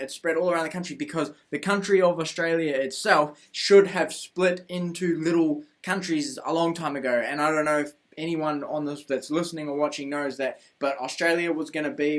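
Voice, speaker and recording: A man with a New Zealand accent, ranting heatedly in a vlog, swearing constantly and repeating himself. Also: a little high. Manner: profane, heated, repetitive ranting. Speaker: vlogger.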